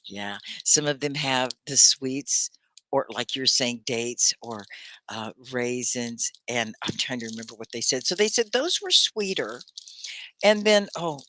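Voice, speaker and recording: Middle-aged Texan woman, live ESL host, very lively pitch, chatty and upbeat. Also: measured pace, a little hiss or hum. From Texas, United States. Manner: chatty, upbeat, laughs often, asks viewers questions. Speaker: ESL teacher hosting a live class. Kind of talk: live online English lesson, reading viewer comments.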